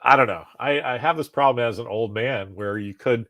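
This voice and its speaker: A man's voice: mid-range voice, fairly quick, pushed and bright, no room sound. A man in his forties co-hosting a podcast, chatting casually in a rambling, self-deprecating way and laughing often. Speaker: podcast co-host. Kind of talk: casual chat.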